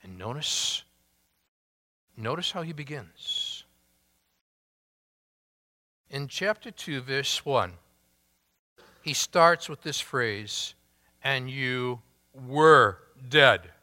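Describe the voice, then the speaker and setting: A man preaching a sermon as pastor, emphatic and deliberate, asking the congregation rhetorical questions. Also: mid-range voice, expressive, sharp tone, in a large hall.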